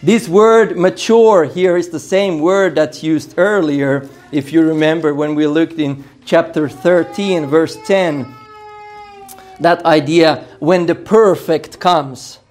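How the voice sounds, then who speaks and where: Hoarse pastor preaching earnestly. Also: male voice, a little high, darkish tone. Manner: earnest, emphatic exhortation with frequent restarts. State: hoarse, losing his voice. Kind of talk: expository sermon.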